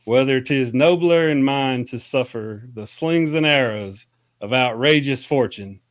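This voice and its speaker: A man with a Southern country accent reciting a Shakespeare soliloquy slowly in mock-grand style. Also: medium pitch, no echo. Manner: slow, deliberate, mock-grand reading.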